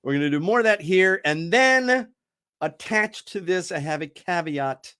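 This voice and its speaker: Chatty, lively-voiced man hosting a podcast. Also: high-pitched, unhurried, smooth. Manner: chatty, laughs often, rambling restarts. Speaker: radio host. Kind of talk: casual podcast chat.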